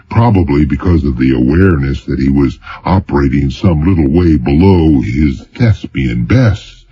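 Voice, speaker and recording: A man narrating a thriller audiobook in measured, dramatic storytelling. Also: a bass voice, lively intonation, mellow, husky, no echo, muffled recording. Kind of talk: scripted narration.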